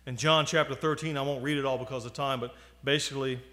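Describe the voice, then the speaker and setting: A man in his forties preaching a sermon, moving from loud appeals to quiet asides. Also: mid-range voice, steady tone, quick pace. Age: 40s.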